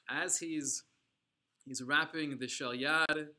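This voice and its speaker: A man's voice: fairly high pitch, sharp tone. A man teaching a religious class, telling a story dramatically and with emphasis, using Hebrew and Yiddish terms. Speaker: Torah teacher.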